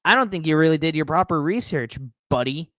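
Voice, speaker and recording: A man's voice: on the high side, expressive, brisk, sharp tone, no echo, studio quality. A man hosting a live stream, reading viewer comments aloud and answering them with sarcastic, mocking commentary.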